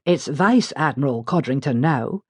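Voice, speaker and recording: A woman voicing a jovial, well-informed army colonel with a Scottish accent, in a brisk, obliging manner, for an audiobook. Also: a bass voice, expressive, breathy edge, dry recording, full character voice. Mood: breezy.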